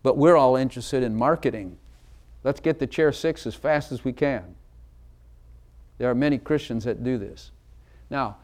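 A man's voice: medium pitch, moderate pace, darkish tone. A man preaching a sermon in a church, emphatic and asking the congregation direct questions. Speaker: pastor.

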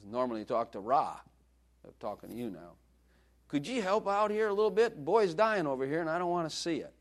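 A desperate woman in the desert pleads bluntly for help in a plain, everyday voice, played by a man in a sermon. She sounds casual but urgent, and her pitch swings a lot. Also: very animated, brisk.

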